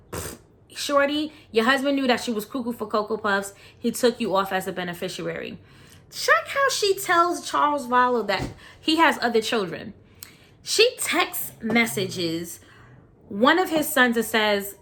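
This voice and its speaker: A woman's voice: on the high side, very animated, a little slow, sharp tone. A woman vlogger talks casually about a documentary she watched. Her delivery is blunt and outspoken, and she peppers it with slang. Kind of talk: casual reaction commentary.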